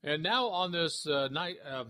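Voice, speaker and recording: A man's voice: a little high, a little slow, dry recording, clean studio sound. A man co-hosting a casual wrestling podcast, joking around and laughing with his co-host. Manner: jokey, animated, breaks into goofy radio-DJ voice.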